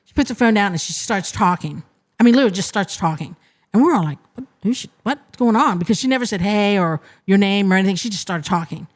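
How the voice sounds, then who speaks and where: A woman guest on a podcast retelling an experience in an animated, casual way, often restarting her sentences. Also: medium pitch, fast talker. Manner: animated retelling, frequent restarts and "you know". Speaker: interview guest, restaurant co-manager. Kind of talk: casual storytelling.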